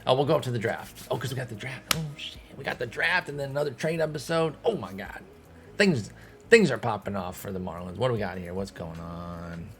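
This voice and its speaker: A young man giving casual gameplay commentary as a streamer, thinking aloud and breaking into sudden excited outbursts. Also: medium pitch, brisk, faint music behind. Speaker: streamer playing a baseball management game.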